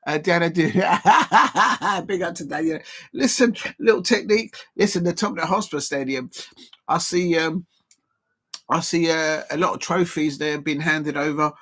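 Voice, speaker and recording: A man hosting a live football watch-along stream, rambling and excitable, full of fillers and repeats. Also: sits high.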